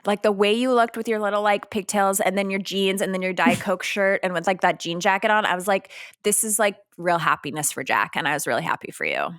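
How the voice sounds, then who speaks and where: A woman co-hosting a podcast, effusive and openly emotional as she asks eager questions in casual chat. Her pitch sits mid-range for a woman. The sound is dry and close. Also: fast, hardly any pauses, fairly bright tone, clean tone, no echo. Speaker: podcast co-host.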